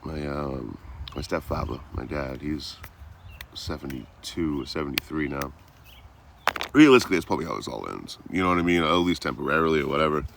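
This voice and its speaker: Deep-voiced, profane, rambling man. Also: brisk, creaky, noisy background. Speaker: livestreamer. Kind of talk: casual live chat.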